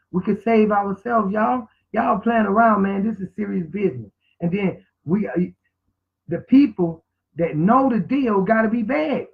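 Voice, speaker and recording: A man giving an informal class lecture in a preachy way, repeating words and spelling them out letter by letter. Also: high-pitched. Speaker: teacher. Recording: tinny phone-like sound.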